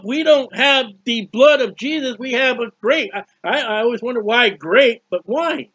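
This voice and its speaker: A man's voice: very high-pitched, normal speed, few pauses, fairly bright tone, breathy edge, no room sound. A man preaching a fervent sermon, with many restarts and repeated words. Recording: dull lo-fi recording.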